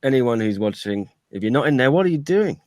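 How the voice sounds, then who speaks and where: A man's voice: medium pitch, animated, brisk, a little mellow, no echo, studio quality. A man hosting a casual sports podcast, urging viewers to join in and sign up. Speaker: podcast host.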